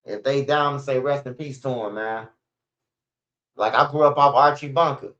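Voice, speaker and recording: A man's voice: medium pitch, moderate pace, a bit bright, lo-fi sound. A man hosting a casual news livestream, rambling and profane with stammering restarts. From Chicago, USA. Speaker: street news livestream host.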